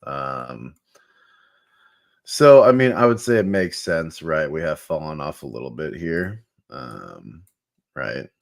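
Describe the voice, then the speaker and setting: Super deep gravelly dude going over charts, slow and rambly. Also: male voice, expressive. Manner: laid-back, rambling, many fillers. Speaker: co-host chart analyst. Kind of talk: casual chart talk.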